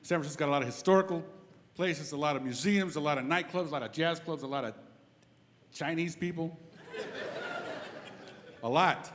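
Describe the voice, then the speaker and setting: A middle-aged man doing a live stand-up routine on a club stage, telling animated stories and slipping into character voices. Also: fairly high pitch. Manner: animated, quick storytelling that slips into acted character voices. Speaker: stand-up comedian. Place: comedy club stage before a live audience. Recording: reverberant live room with steady background noise.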